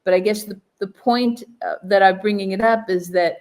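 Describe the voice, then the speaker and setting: A woman's voice: medium pitch, fairly even intonation, normal speed, darkish tone. A woman co-hosting a podcast in casual conversation, enthusiastic and prone to speculative tangents. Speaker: podcast co-host.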